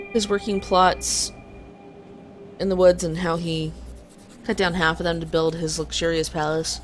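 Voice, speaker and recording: A woman voicing an ancient forest spirit in a game, speaking in an even, solemn, reproachful way. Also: lowish voice, close to an everyday voice. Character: ancient genderless forest spirit, calm and ominous.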